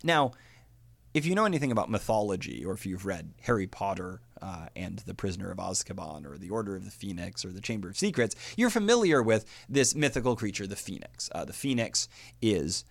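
A man giving a podcast lecture, explaining step by step in an animated, scholarly way. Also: sits low, fairly quick, vocal fry, no echo. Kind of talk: podcast lecture on early Christian writers.

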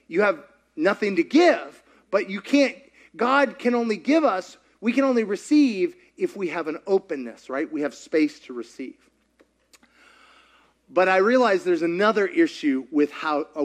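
A man preaching a sermon, telling a story in an animated, chatty way and laughing often. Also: sits high. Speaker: pastor.

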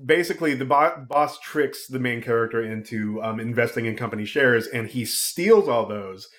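A man in casual film talk, animated and swearing freely, acting out characters' lines. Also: medium pitch, normal speed.

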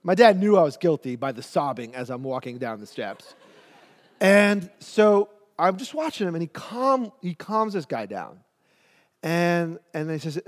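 Middle-aged male pastor, storytelling sermon, higher voice, long reverb of a big room. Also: moderate pace. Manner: animated, acts out voices in his story.

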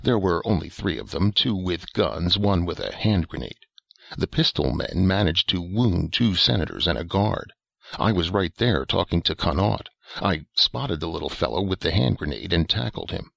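A man narrating a first-person story in a plain, measured, matter-of-fact way. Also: low-pitched, lively intonation, creaky, a bit bright, no room sound.

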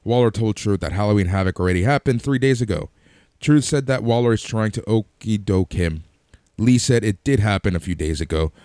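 A man's voice: fairly low pitch, a little fast, dark tone, dry recording, studio quality. A man casually recapping a wrestling show, then giving his offhand opinions. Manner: recaps events then gives offhand opinions, some fillers.

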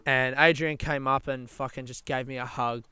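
A man's voice: mid-range voice, steady tone, moderate pace, pushed and bright, clear, resonant tone, dry recording. A young man telling a long casual anecdote, rambling and swearing, laughing often. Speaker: storyteller.

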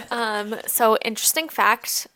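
A woman's voice: on the high side, sharp tone. A young woman co-hosting a podcast in casual chat, filling with ums and likes. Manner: chatty, lots of ums and likes. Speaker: podcast co-host.

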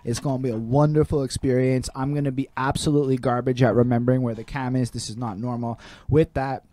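A man's voice: medium pitch, flat delivery, fast talker, dark tone. A man hosting an interview show from his home, talking loose and profane with plenty of slang. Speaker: host. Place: home room.

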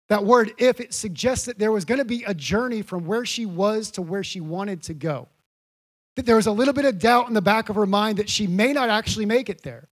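High-voiced man preaching earnestly. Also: brisk. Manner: repeats key phrases for emphasis; earnest, building to emphatic peaks. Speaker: pastor. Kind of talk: sermon.

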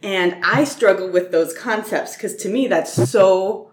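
A woman's voice: medium pitch, unhurried. A woman hosting a book podcast, asking an author questions in a thoughtful, hesitant way and laughing often. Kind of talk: casual interview. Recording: roomy echoey audio.

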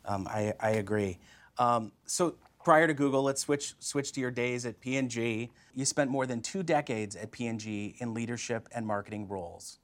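A man interviewing a company CEO, asking measured, prepared questions. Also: mid-range voice. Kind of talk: business interview.

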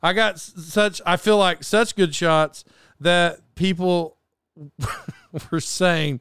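A man spins a meandering story in an easygoing monologue, tripping over his own restarts and laughing as he goes. His voice sits a bit high and comes across smooth, recorded close and dry with no room around it. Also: slow, fairly bright tone, no echo. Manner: rambling, self-doubting, laughs often, many restarts.

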